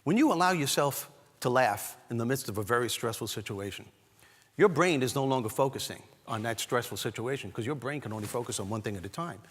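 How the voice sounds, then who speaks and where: A man from Brooklyn, giving a comedic motivational keynote with animated, punchy storytelling. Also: mid-range voice, brisk, husky, long reverb tail. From Brooklyn, New York. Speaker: keynote speaker. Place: large hall, on stage.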